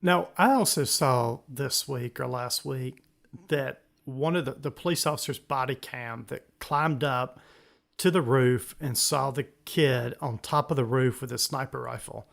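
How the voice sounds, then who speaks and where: Gravelly man chatting casually. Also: medium pitch, a little slow, a bit bright. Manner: rambling, self-interrupting, chuckles often. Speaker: podcast co-host. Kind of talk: casual news chat.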